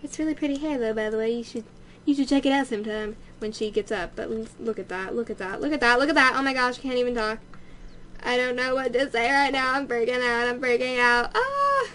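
A young woman with a high, bright voice narrates her life-sim game in a bubbly, gushing way, bursting into excitement over small discoveries. Her chatter runs loose and casual, and a faint hiss sits under the recording. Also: quick pace. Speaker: let's play host. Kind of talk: casual gameplay commentary.

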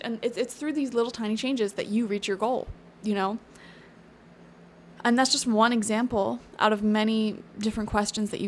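An encouraging woman talks through a tarot reading in a loose, chatty way, often thinking aloud with little fillers. Her voice sits at an ordinary middle pitch, with a faint hiss of noise in the background. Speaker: tarot reader. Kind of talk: casual spoken tarot reading.

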